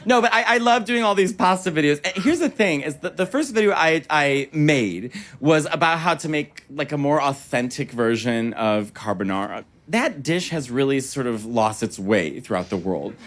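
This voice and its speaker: A man doing a stand-up comedy set in a club, telling stories in an animated, theatrical way with sudden bursts of excitement. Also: on the high side, moderate pace, few pauses.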